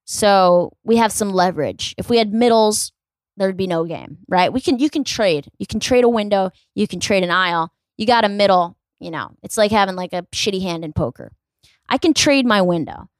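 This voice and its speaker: A woman's voice: medium pitch, animated, moderate pace, no room sound, clean studio sound. A young adult woman, a comedian hosting a solo podcast, telling rambling stories in a snarky, profane style and acting out the people in them. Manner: profane, rambling, snarky storytelling with acted-out quotes.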